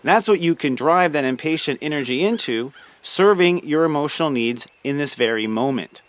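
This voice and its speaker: A man hosting a daily spiritual talk, gently encouraging the listener and calling them friend. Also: on the high side, lively intonation, normal speed. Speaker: spiritual podcast host.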